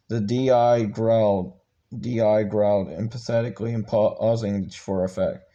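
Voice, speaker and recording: A man's voice: lowish voice, steady tone, normal speed, mellow, lo-fi sound. A man reading a book aloud, stumbling and restarting words often. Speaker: channel host reading a book.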